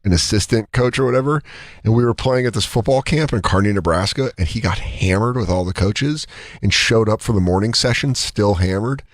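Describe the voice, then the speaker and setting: A man's voice: a little fast, no room sound, clean studio sound. A man telling comic stories in casual chat, acting out the people he quotes with sudden jumps in his voice. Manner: animated, acts out quoted people with big pitch jumps. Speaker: comedian co-host. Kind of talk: casual comedic storytelling.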